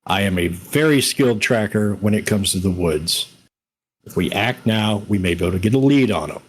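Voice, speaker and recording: A man's voice: lowish voice, expressive, moderate pace, breathy edge. Wisecracking man with a Bronx accent. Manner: cocky, wisecracking in-character banter. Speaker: tabletop game player. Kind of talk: in-character role-play.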